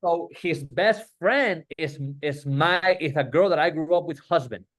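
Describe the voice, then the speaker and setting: Rambling, slightly high-voiced man on a call. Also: unhurried. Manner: profane, rambling, lots of "bro" and "like". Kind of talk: casual chat.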